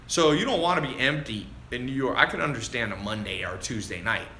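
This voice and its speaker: A man coaching viewers on a casual livestream, animated and chatty, calling people dude and man as he answers their questions. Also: medium pitch, fast, slight background noise. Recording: roomy echo with faint ambience.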